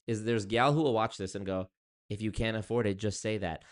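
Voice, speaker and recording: A young man from Canada telling dating stories to camera in a casual, sarcastic monologue, jumping up into loud exclaims. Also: fairly quick. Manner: animated, sarcastic, jumps to high exclaims. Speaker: vlogger.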